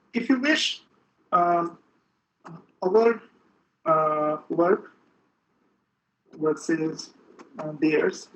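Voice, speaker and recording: Halting man giving a physics seminar. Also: high voice, low-quality recording. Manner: halting, many filler sounds. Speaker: seminar speaker. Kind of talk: academic physics lecture.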